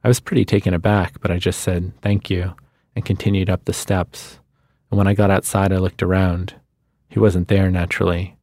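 A man reading a literary short story aloud in a measured storytelling manner, on a studio microphone. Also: low-pitched, flat delivery, a little mellow, no room sound. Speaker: guest reader.

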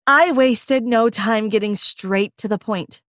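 A woman's voice: fairly high pitch, takes it slowly, a bit bright, no room sound. Woman narrating a dramatic story. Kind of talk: scripted first-person narration.

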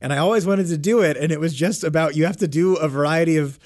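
A man's voice: fairly high pitch, fast talker, a little mellow, dry recording, studio quality. A man co-hosting a radio talk show, chatting casually in rambling, joking asides. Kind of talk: casual studio banter.

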